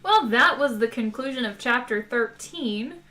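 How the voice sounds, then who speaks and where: A woman's voice: on the high side, a little slow. A woman reading a novel aloud on a live stream, then chatting casually with viewers. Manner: relaxed, chatty, with fillers. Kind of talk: read-aloud narration and casual chat.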